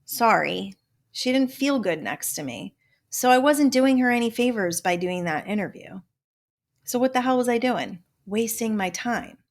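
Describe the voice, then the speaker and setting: Emphatic older woman, motivational host. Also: medium pitch. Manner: emphatic, blunt, swears casually; jokingly slips into a Southern drawl. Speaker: podcast host. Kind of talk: motivational self-help talk.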